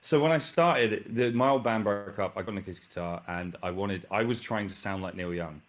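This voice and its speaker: Very deep-voiced English man, rambling. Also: a little fast. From England. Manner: rambling, self-correcting, swears casually. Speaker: guest musician. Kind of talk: casual interview chat.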